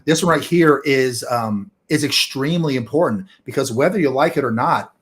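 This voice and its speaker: A man hosting a podcast in casual chat, talking in a measured way and steering the topic. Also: medium pitch. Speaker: podcast host.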